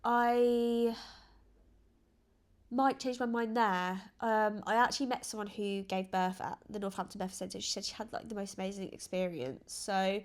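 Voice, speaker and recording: A woman's voice: mid-range voice, steady tone, moderate pace. A woman vlogging in a casual, rambling, earnest chat to camera, emotional and close to tears at times.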